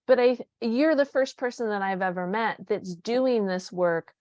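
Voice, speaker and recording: A woman's voice: medium pitch, measured pace, a little mellow, dry recording, studio quality. A woman hosting a podcast interview, chatting casually and rambling with many restarts. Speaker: podcast host, dietitian.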